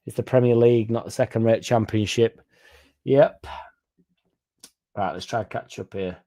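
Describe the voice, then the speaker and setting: A man's voice: medium pitch, normal speed, warm tone. A young man, chatting casually and swearing as he reads out comments on his fan stream. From England. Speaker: fan channel host reading live chat. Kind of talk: casual live-stream chat.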